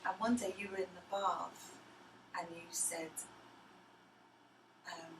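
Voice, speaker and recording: A woman's voice: on the low side, steady tone, slow, long pauses. A middle-aged woman, earnestly recounting personal stories to her grown son and often dropping to a near whisper. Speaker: interviewee, mother of the interviewer. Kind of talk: personal storytelling in conversation. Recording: roomy with faint background noise.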